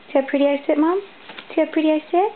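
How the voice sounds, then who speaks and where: A woman's voice: sits high, fast talker, slight background noise, pitched above the performer's own voice, close to an everyday voice. A woman voicing her pet dog as a sweet, eager girl pleading with her owner in childlike baby-talk, on a tinny home video.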